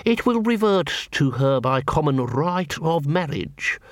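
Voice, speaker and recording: A man voicing an old-fashioned male lawyer who drones on slowly in a raised, reedy voice. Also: a little high, big pitch swings, dry recording, studio quality. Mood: droning. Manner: slow, droning, reedy.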